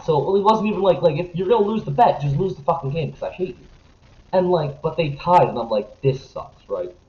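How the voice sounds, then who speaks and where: A young man on a sports podcast, ranting and swearing as he swings from low grumbling to loud outbursts. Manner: animated, profane, jumps between grumbling and shouting. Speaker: podcast co-host. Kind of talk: casual sports podcast rant. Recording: roomy, slightly dull podcast audio.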